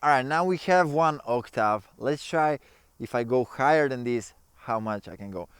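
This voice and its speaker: Chatty man with a smooth voice. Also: mid-range voice, normal speed, dry recording. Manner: relaxed, chatty, non-native phrasing. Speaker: ukulele teacher. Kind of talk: casual tutorial explaining.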